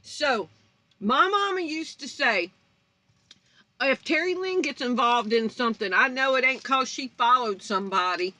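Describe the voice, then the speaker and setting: A woman's voice: high voice, lively intonation, unhurried, pushed and bright, dry recording. Fiery woman in her fifties. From North Baton Rouge, Louisiana. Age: 50s. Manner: emphatic, confrontational, blunt. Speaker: channel host. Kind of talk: fiery vlog rant to viewers.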